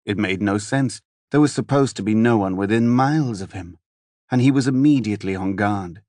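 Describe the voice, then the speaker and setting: Low, measured male audiobook narrator. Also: darkish tone, no room sound, studio quality. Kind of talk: scripted narration.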